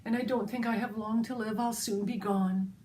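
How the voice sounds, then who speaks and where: A woman voicing a weak, thirsty dying tree that speaks faintly and slowly, with sighs. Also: a little high, fairly even intonation, warm tone, a little hiss or hum, natural voice, low-quality recording. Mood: weary. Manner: faint, sighing, slow.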